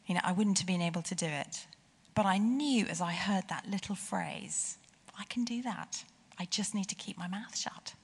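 A middle-aged woman preaching a sermon with personal stories, lively and emphatic on key phrases. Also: on the low side, slightly rough. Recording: long hall reverb.

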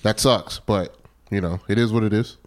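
A man's voice: lowish voice, normal speed. A man co-hosting a casual sports podcast, answering with dry, teasing quips. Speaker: podcast co-host.

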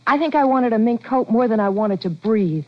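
A woman's voice: a little high, animated, moderate pace, natural voice. A woman playing an anxious, devoted boxer's wife in 1940s radio acting, earnest and pleading. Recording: dull lo-fi old radio recording.

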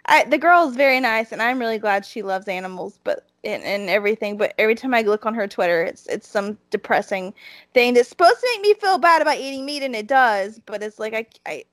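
A woman's voice: fairly high pitch, animated, fairly quick, a bit bright, no echo. A woman with a Southern accent chatting casually as a podcast co-host, emphatic and full of restarts. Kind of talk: casual chat about wrestling.

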